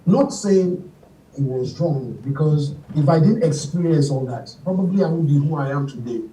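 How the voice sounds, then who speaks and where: Middle-aged Nigerian musician guest, animated storyteller, mellow voice, picked up from a distance in a roomy space. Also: male voice, on the high side, normal speed. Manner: animated, acts out quoted voices, laughs often. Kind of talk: casual storytelling interview.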